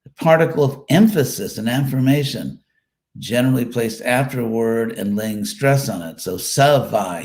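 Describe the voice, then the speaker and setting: A man giving a live scripture class, explaining words one by one in a relaxed, thinking-aloud way with fillers and repeated phrases. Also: medium pitch, normal speed. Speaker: Sanskrit scripture teacher.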